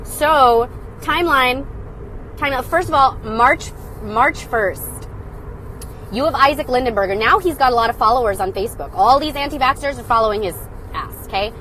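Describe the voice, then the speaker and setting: A young woman hosting a casual live stream, talking loudly and excitedly in a sarcastic, mocking way. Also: sits high, moderate pace, slight background noise, low-quality recording. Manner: loud and excited. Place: indoors, phone live stream. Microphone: phone.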